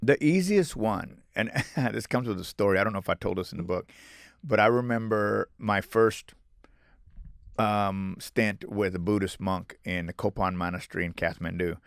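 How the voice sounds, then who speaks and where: Podcast guest: middle-aged man, low gravelly voice, emphatic storyteller, dry close sound. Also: moderate pace, no echo. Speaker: guest author. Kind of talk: conversational podcast interview.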